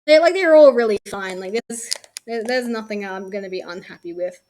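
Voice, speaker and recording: A woman's voice: medium pitch, brisk, a little mellow. Chatty Australian woman streamer. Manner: chatty, swears casually, trails off mid-sentence. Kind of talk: casual chat while unboxing.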